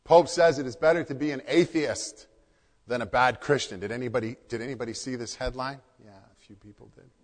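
An earnest male pastor delivers a sermon at a middle pitch, leaning on repeated phrases to drive his points home. His voice carries through a church with a long, ringing reverb. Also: a little fast.

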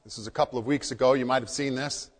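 A man's voice: medium pitch, steady tone, fast talker. A man preaching as a pastor in church, earnest and repeating key phrases for emphasis. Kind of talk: sermon. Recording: long hall reverb.

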